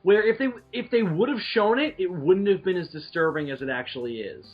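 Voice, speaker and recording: A young man in casual chat who tells profane stories in a crude, excitable way. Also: high voice, fairly quick. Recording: dull lo-fi recording, faint music.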